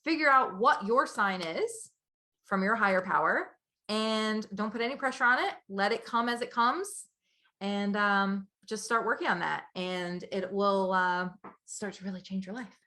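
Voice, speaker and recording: A young woman talks through her solo podcast in a relaxed, chatty way. Her voice sits at an ordinary middle pitch but sounds bright and crisp. She laughs easily and fills pauses with little fillers as she goes. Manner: chatty and upbeat, laughs often, many fillers. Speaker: podcast host. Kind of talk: casual solo podcast talk.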